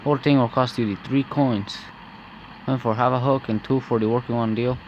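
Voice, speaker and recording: A man's voice: mid-range voice, fairly even intonation, a little fast, lo-fi sound, slight background noise, close to an everyday voice. A man voicing a friendly metal smith in a game, cheerful and businesslike.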